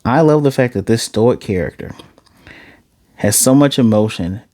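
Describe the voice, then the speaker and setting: A man's voice: medium pitch, normal speed, dry recording, studio quality. Chatty man recapping an anime. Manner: animated, chatty storytelling. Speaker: anime reviewer. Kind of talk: casual episode recap.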